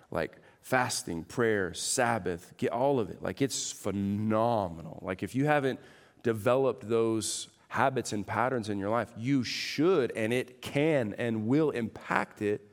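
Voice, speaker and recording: A man preaching a sermon with an emphatic delivery. His voice sits at an average pitch and swings from loud, raised peaks down to quiet, low stretches. He puts rhetorical questions to the congregation. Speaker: pastor.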